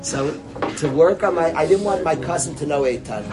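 A man telling a joke and drawing a lesson from it, in a lively, rambling way and sprinkling in Yiddish words. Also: fairly high pitch, normal speed, music in the background. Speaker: storyteller and speaker. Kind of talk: animated storytelling talk with a lesson.

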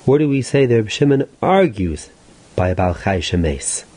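A man, a rabbi, teaching a Talmud lesson in a steady explanatory way, stressing key points. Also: on the low side, normal speed. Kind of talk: Talmud lecture.

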